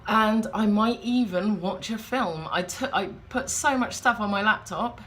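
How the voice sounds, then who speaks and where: A woman's voice: medium pitch, measured pace, a bit bright. A woman chatting in a rambling, wry way, vlogging from a hotel room. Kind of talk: casual vlog chat.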